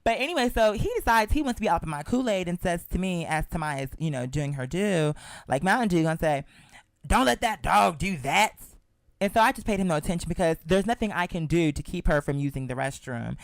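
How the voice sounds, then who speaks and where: A chatty, sassy show host tells a story straight to the listener and keeps calling them "girl". The pitch sits in the middle range. The sound is dry and close, with no room echo. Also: animated, fast. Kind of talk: casual storytelling monologue.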